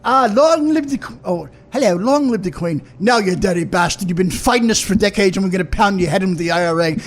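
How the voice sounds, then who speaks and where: Casting: man doing a loud, high brash Irish brogue ranter. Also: fast, close to an everyday voice. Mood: taunting. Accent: mock Irish brogue. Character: bellicose Irishman ranting at the English.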